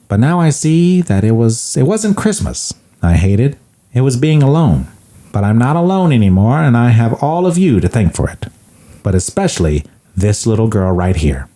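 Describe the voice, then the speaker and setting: A man voicing a reformed grumpy hermit, soft and hesitant, close to his own voice. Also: medium pitch, sing-song, normal speed, lightly acted. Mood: earnest. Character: grumpy green hermit turned shy.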